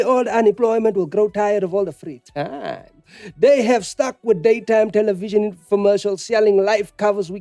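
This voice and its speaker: Sassy lady money reporter voiced by a man, high mellow voice, dry close sound, cheeky newsreader tone. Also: no room sound. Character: sassy woman economics news reporter. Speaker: comedy podcast host. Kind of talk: spoof news bulletin.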